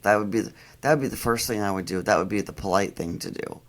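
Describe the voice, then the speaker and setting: A middle-aged woman dog trainer, enthusiastic and animated, explaining how to read pets in a casual interview. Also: very deep voice, quick pace.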